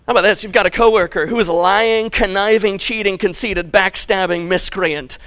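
A man's voice: high-pitched, fairly even intonation, normal speed, sharp tone. A male preacher giving a sermon in an emphatic, conversational way, stacking words for emphasis and chuckling at himself.

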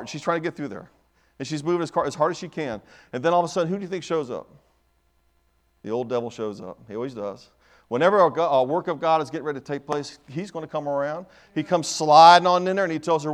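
A man's voice: fairly high pitch, fast. A man preaching a sermon in church, emphatic and repetitive, building his points in rising bursts.

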